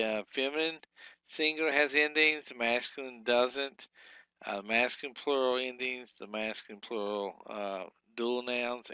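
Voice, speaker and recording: Male instructor, unhurried and halting, crisp bright voice, dry close sound. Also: medium pitch, dry recording. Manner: halting, many fillers and restarts. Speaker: Hebrew teacher. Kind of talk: lecture with slides.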